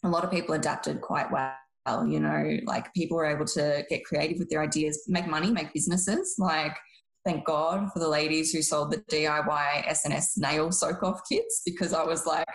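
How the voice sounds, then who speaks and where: A low-pitched Australian woman talks in a lively, slangy podcast chat as a psychologist guest. Her voice carries some room echo around it. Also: moderate pace. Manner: chatty, animated, slangy. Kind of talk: casual podcast conversation.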